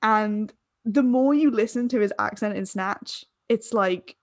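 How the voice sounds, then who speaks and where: This is a woman talking into a desk mic, loose and a little tipsy, chatting in long rambling runs, laughing as she goes and swearing now and then. Her voice sits at a middle pitch and sounds dry and close, with no room in it. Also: a little slow, no echo. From Ireland. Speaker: podcast co-host. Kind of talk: casual tipsy chat. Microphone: desk microphone.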